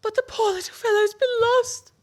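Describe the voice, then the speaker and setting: Emotional pleading wife, played by a woman, very high voice. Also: steady tone, moderate pace. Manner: pleading, gushing. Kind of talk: amateur radio play acting.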